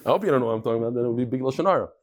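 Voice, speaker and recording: Teaching a daf yomi Talmud class to a live room, a man speaks very fast in an expressive, mid-range voice. He is chatty and joking, telling stories and laughing along the way.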